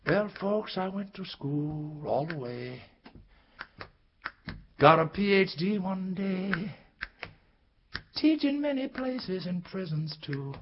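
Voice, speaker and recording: A man telling a poetic spoken-word story in a sing-song way, swinging from soaring highs to hushed lows, heard on a dull lo-fi recording. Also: a little slow, long pauses, slight background noise.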